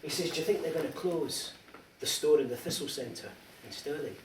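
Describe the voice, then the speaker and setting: Middle-aged scottish guy cracking jokes at a dinner, kinda high voice, big echoey room. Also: a little fast. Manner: anecdotal, teasing, lively storytelling. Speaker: after-dinner speaker. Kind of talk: after-dinner comic speech. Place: large dining hall. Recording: echoey hall, distant mic, background noise.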